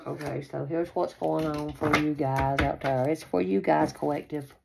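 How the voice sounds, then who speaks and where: A woman's voice: low-pitched, steady tone, normal speed, vocal fry, over music. A woman doing a casual tarot reading for her viewers, chatty and reassuring, repeating herself often. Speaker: tarot reader. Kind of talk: casual spiritual card reading to camera. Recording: noisy home recording.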